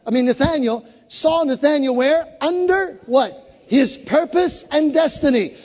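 Very high-voiced fervent male preacher. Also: normal speed. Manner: fervent call-and-response preaching. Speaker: pastor. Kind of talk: sermon. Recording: long hall reverb.

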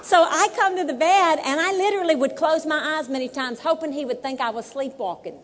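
A woman's voice: high-pitched, brisk, in a large hall. A woman telling a humorous marriage story in a sermon, acting out dialogue and laughing often. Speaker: married couple speaker.

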